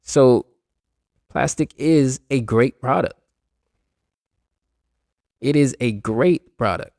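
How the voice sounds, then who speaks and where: Podcast host, man, gravelly low-key delivery, dry close mic, rambling casual talk to his listeners. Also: slow, a little mellow, no room sound. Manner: rambling, restarts often, addresses listeners directly.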